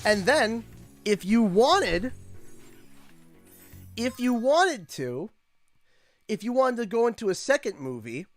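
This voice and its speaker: A Canadian man casually chatting on a game livestream, rambling through an animated story with lots of restarts. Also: very high voice, slow, pauses often, faint music behind. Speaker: streamer.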